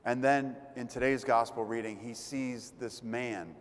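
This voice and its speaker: A man's voice: medium pitch, fairly even intonation, moderate pace, few pauses. A man giving a conversational sermon as a priest, retelling gospel stories and acting out the crowd's voices. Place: church. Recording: long church reverb.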